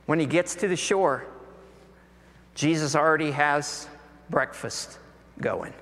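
Preaching slowly in a large church hall, a man tells a story with lively energy and acts out the voices of its characters. His tone is bright and forceful, pitched slightly high, and a long reverb trails his words.

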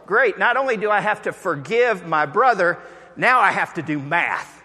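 A man's voice: sits high, lively intonation, normal speed, sharp tone, breathy edge, in a large hall, pitched above the performer's own voice, heavily acted. A man voicing a dismayed everyman who groans comically about having to forgive and do math.

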